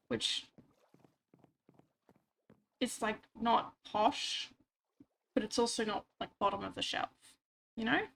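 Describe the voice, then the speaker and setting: A woman's voice: fairly high pitch, vocal fry, bright, forceful tone, a little hiss or hum. Chatty woman, stuffy-nosed. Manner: chatty, rambling, self-mocking asides. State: stuffy nose. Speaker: livestreamer. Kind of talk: casual chat while gaming. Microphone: desk microphone.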